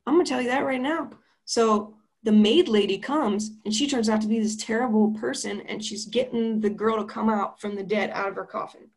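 A woman's voice: medium pitch, fairly even intonation, normal speed, gravelly, few pauses, darkish tone. A young woman recapping a horror film in a chatty, slangy and playful way.

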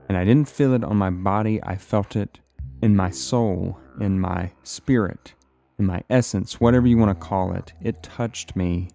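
Gravelly low-voiced man retelling a vision. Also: dark tone, no echo. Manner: halting, repeats words, emotional retelling. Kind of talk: personal storytelling.

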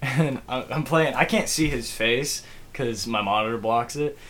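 A young man co-hosting a podcast in casual chat, laughing often and explaining things in a relaxed way. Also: medium pitch, measured pace, slight background noise. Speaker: podcast co-host.

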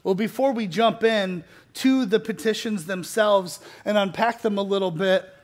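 A middle-aged male pastor with a high-sitting voice preaches at a moderate pace. He's conversational and self-deprecating, with restarts and light laughs, gradually building toward earnest emphasis.

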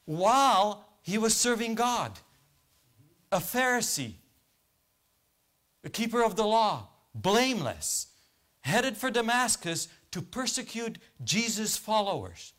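Male preacher, high-pitched, interactive call-and-answer delivery to a congregation. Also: a bit bright. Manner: questions the congregation and waits for answers. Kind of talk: interactive sermon. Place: church.

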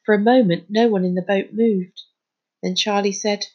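A woman narrating a children's story, reading aloud in a clear, even way. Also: medium pitch, normal speed, dull audio. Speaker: storybook reader.

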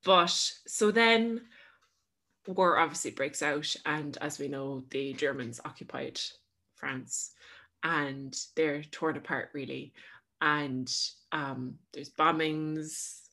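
Low-voiced woman telling a rambling story. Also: fairly even intonation, takes it slowly, pushed and bright. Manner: rambling, filler-heavy storytelling. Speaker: podcast co-host. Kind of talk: casual chat, making up a story.

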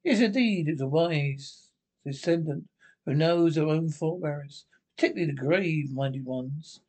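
A man's voice: fairly high pitch, moderate pace, a little mellow. A man doing a wry horror-show host. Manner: wry, chuckling asides.

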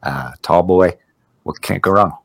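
Very low-voiced joking man. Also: measured pace, gravelly, a bit bright, no echo. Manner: joking, laughs often. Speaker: podcast co-host. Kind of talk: casual chat.

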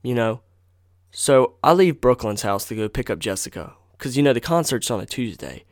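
A man's voice: medium pitch, animated, moderate pace, no room sound, studio quality. A young man hosting a podcast, telling a story in a rambling, profane, casual way and correcting himself as he goes. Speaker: podcast host.

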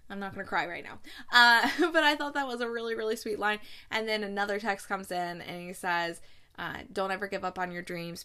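A chatty woman recaps a movie in a casual, gushing way. She bounces between retelling scenes and playful little asides, with a voice of middling pitch for a woman. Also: sharp tone. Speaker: podcast host reviewing movies.

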